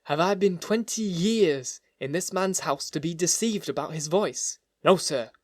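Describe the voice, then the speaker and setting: Guy doing a scared old butler, harsh and broken, kinda high, dry close sound. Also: slow pace, no room sound. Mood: anguished. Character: frightened loyal male butler, older, nerves jangled.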